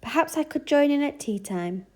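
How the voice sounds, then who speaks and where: An exhausted mother answers gently and politely, her voice lifting and falling. A woman reads her part in a storybook. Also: sits high, expressive, moderate pace, voice pushed up. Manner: weary, polite. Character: tired, unwell mother longing for rest.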